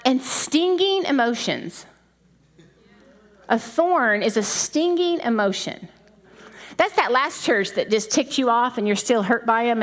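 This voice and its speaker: Middle-aged female preacher, conversational sermon, high voice with a wide, lively pitch range. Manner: animated, conversational, laughing asides. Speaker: pastor's wife preaching.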